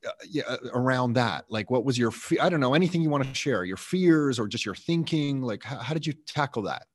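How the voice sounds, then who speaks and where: A man's voice: medium pitch, expressive, a little fast. A man hosts a casual interview, relating to his guest with stories of his own. His mid-range voice wanders through fillers and repeated words before landing on a question. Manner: chatty and self-disclosing, many fillers and repeats. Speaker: podcast host.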